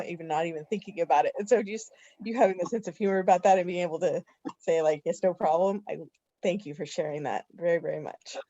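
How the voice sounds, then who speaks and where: A woman's voice: medium pitch, warm tone. A woman leading a club meeting over a video call, upbeat and rambling, laughing between remarks. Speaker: meeting host leading table topics. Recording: dry, dull lo-fi call audio.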